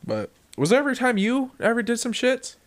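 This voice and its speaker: A man co-hosting a podcast, telling a story in casual chat, swearing often and acting out the quotes loudly. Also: very high voice, brisk. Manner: animated storyteller, profane, acts out quotes loudly. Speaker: podcast co-host.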